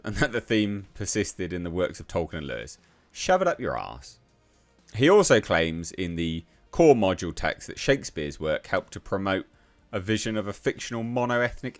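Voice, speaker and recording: Scornful English man ranting, lively pitch. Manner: reads passages aloud then reacts with blunt, profane scorn. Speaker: online commentator. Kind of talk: ranting commentary on a news article.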